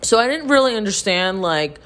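A woman co-hosting a podcast, telling a story in casual, animated chat to her listeners, swearing freely and saying "like" a lot. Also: mid-range voice, moderate pace. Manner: animated, profane, heavy use of "like". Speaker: podcast co-host.

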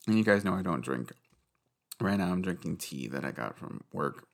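Late at night, a man whose voice sits low and sounds creaky talks about books at a moderate pace, animated and rambling. The book vlogger swears freely and keeps laughing at himself.

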